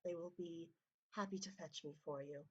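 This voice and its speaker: A woman's voice: deep voice, highs cut off. A woman voicing a formal, courteous cat-person steward at a masked party. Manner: courteous, measured, stiffly formal.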